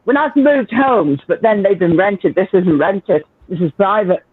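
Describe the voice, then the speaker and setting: A man's voice: sits high, a little slow, slightly rough, dry recording. A man with a Northern English accent hosting a casual live chat, talking freely, swearing and laughing often. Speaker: livestream host. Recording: tinny phone-like line.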